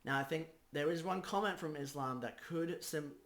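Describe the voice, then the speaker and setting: A man's voice: fairly high pitch, normal speed, fairly bright tone, roomy sound. A man giving a casual fight breakdown, acting out scenarios play by play. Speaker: combat sports analyst.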